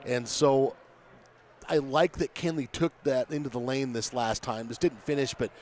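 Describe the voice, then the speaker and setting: A man doing color commentary for basketball, relaxed and conversational as he breaks down play like a coach. His voice is mid-pitched, with faint noise behind it. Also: normal speed. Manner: conversational, coaching-minded, talks to his partner. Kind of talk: relaxed game analysis.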